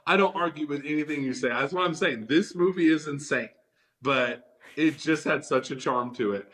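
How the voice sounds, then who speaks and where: Speaking at normal speed in a voice on the high side, a man co-hosts a relaxed movie review podcast. He sounds excited and animated, and keeps reaching for "like" as a filler word.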